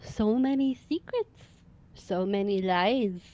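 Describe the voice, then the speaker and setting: A woman voicing a cryptic, sinuous snake creature in a tabletop game, speaking with slow, teasing menace. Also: mid-range voice, warm tone, lo-fi sound, close to an everyday voice.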